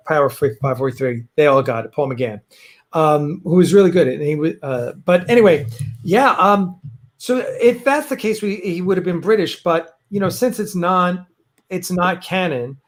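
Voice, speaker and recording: Male host, loose rambling delivery, somewhat higher pitch. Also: normal speed. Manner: rambling, many fillers and restarts. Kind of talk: casual livestream chat. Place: home, fireworks outside.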